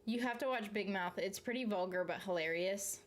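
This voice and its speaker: A woman's voice: mid-range voice, moderate pace, slight background noise. A woman from the South, chatting casually on a live stream, reading out viewer comments and answering them in a rambling way, swearing freely and laughing mid-sentence. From Southern United States.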